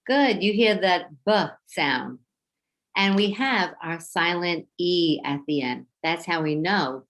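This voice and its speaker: Slow, lively-voiced woman teaching phonics. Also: on the low side. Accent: New York. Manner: slow, clear and encouraging, sounding words out. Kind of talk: children's phonics lesson.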